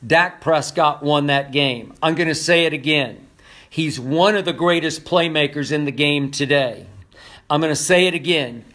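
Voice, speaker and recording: An older man giving impassioned sports commentary, emphatic and repetitive, hoarse from losing his voice. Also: fairly high pitch, normal speed, a bit bright.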